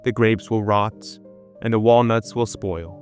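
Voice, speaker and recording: A man reading the lines of a weeping heavenly woman who gives warnings, in a slow, grave and solemn way. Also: lowish voice, fairly even intonation, a little mellow, soft background music, close to an everyday voice. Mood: sorrowful.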